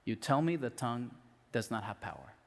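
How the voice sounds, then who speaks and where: Guy preaching at church, chatty sermon, goes quiet and soft to pray, big echoey hall. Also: medium pitch, sing-song, fairly quick. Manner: conversational preaching with restarts, dropping soft for prayer. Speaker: pastor. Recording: long hall reverb.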